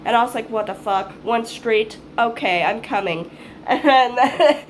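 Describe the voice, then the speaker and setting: This casual vlog features a twenty-something woman raised in Hawaii, her voice leaning high and her pace measured. Her personal story wanders, she swears without restraint, and she acts out her earlier remarks, over a faint hiss or hum.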